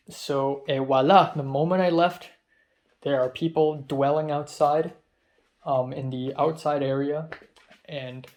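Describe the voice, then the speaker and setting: A man vlogging, telling a casual story in a chatty, halting way with fillers and restarts. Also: fairly high pitch, a little mellow.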